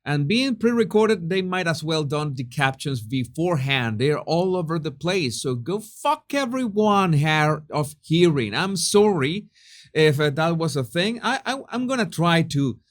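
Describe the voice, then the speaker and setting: A man's voice: a little high, lively intonation, a little slow. Sarcastic profane male commentator. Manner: sarcastic, profane, hesitant restarts. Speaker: commentary channel host.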